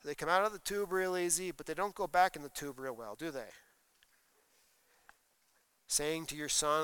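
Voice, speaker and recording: A man's voice: a little high, moderate pace, long pauses, fairly bright tone, clean tone, no echo. A man preaching a sermon, explaining scripture and reading passages aloud with emphasis. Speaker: pastor.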